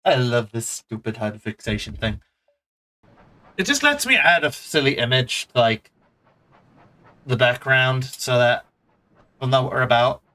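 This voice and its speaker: A man streaming a relaxed game, chatting in a rambling, playful, self-mocking way. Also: mid-range voice, a little slow, pauses often, low-quality recording. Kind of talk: casual gameplay commentary.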